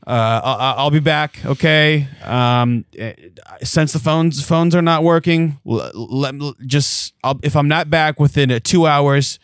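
A man's voice: a little high, measured pace, few pauses, smooth, no echo, studio quality. A man playing an exasperated, stammering boyfriend in an improvised comedy sketch.

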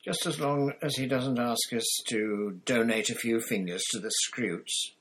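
A man's voice: medium pitch, a little slow, fairly bright tone, husky. A man reading aloud, voicing a blunt, wry teenage boy.

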